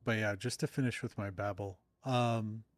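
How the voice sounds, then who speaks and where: A man's voice: lowish voice, steady tone, normal speed, dry recording. A middle-aged man chatting casually with his live-stream audience while playing, self-deprecating and rambling. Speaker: streamer and author.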